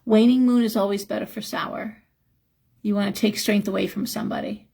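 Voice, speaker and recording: A woman's voice: steady tone, brisk, creaky, mellow, slightly rough. A middle-aged woman hosting a live stream, giving frank spiritual advice in a chatty, casual way and sounding a little tired. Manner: chatty, frank, acts out quotes with a higher voice. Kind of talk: casual live-stream talk, reading chat.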